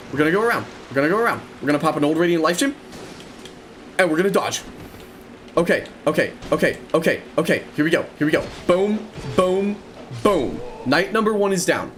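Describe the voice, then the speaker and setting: A young man commentating his own video game run, excitable and prone to repeating words in rapid bursts. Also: a little high, a little hiss or hum. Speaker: gaming streamer. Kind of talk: let's play commentary.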